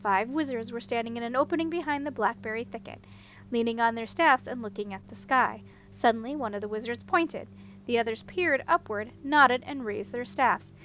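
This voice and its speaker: A woman narrating a fantasy children's novel as an audiobook reader, steady and even. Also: a little high, normal speed, a little hiss or hum, poor audio. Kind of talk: storybook narration.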